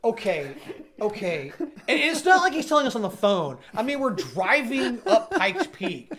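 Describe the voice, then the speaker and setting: A man's voice: very high voice, measured pace. A man casually telling a funny story about a film shoot, laughing often and acting out the people he quotes. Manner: animated, laughing, acts out quoted voices. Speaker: podcast guest actor.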